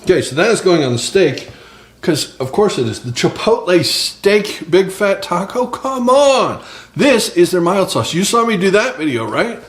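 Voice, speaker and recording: Chatty man cooking in an echoey kitchen. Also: sits high. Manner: chatty, joking asides to viewers. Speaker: cooking channel host. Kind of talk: casual cooking vlog. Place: small home kitchen. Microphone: several cameras on the counter.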